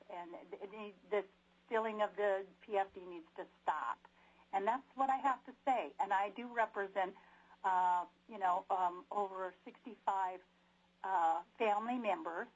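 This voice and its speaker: Halting woman caller on a muffled line. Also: mid-range voice, breathy edge. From Alaska. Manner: halting, many fillers, insistent. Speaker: caller testifying. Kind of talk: public testimony by phone.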